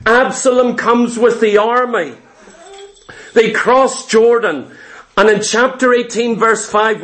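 A man preaching a sermon, retelling scripture with passion and dropping low and intense for emphasis. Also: fairly bright tone. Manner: impassioned, dramatic storytelling, drops low and intense for emphasis.

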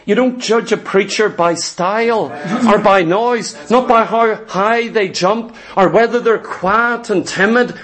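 A male pastor delivers a sermon in a strikingly high voice. He talks in an emphatic, conversational way and keeps throwing rhetorical questions at his listeners. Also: a little slow, few pauses, fairly bright tone.

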